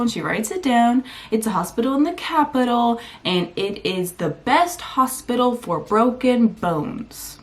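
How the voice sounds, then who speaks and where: A young woman vlogger telling a personal story at home, animated, acting out what people said with big jumps in her voice. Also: sits high, unhurried, few pauses. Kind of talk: storytime vlog. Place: home room. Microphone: camera mic.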